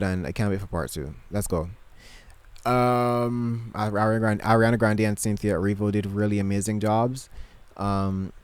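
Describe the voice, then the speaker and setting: A man chatting to camera in his bedroom, gushing and rambling, full of ums and restarts. His voice sits a little low and sounds dry and close. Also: darkish tone, dry recording. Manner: rambling, many fillers and restarts; gushing and emotional. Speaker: vlogger. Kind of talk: casual chat to camera.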